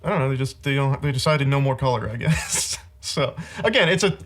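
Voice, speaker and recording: A man's voice: medium pitch, lively intonation, a little fast, fairly bright tone. A man hosting a casual podcast, rambling through a rant about bad movies and laughing often.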